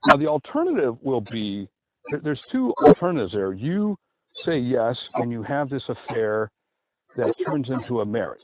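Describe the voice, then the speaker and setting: A man's voice: medium pitch, big pitch swings, dry recording. A man talking casually and opinionatedly in a rambling monologue, out of breath while outdoors by a river. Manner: rambling, opinionated, drawn-out emphasis. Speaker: podcast host. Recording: tinny phone-like audio with background noise.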